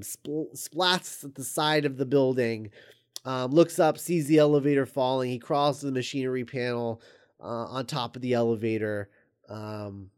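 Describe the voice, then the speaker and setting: A man's voice: medium pitch, fairly even intonation, moderate pace, clean tone. Rambling man retelling a story. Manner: rambling, hesitant, full of ums and restarts; amused, chuckles while recounting. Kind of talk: casual retelling of a screenplay.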